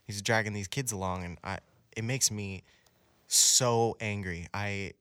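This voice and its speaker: Deep-voiced man telling an earnest story. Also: steady tone, moderate pace, pushed and bright, clear, resonant tone, dry recording. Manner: earnest and emotional, with frequent restarts. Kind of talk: casual conversational storytelling.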